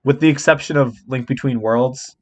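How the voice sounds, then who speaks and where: A young man hosts a podcast chat, steering the talk in a laid-back way and passing the floor to the others. His voice sits at an ordinary middle pitch. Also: normal speed. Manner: laid-back moderator, hands the floor to guests. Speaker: podcast host. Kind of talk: casual chat.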